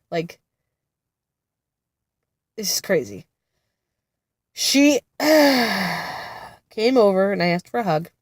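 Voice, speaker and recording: Woman, thirties, congested and sick-sounding, rambling casual chat, lowish voice, dry close sound. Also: dry recording. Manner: rambling, laughing, many fillers. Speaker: vlogger, mother of two. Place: sitting in a car-like space outside a therapy center.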